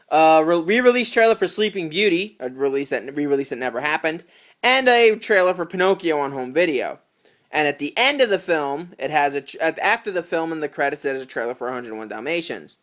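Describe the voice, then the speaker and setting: A man's voice: on the high side, a bit bright. A young man from New York giving casual unboxing commentary as a video collector, chatty and full of jokey asides.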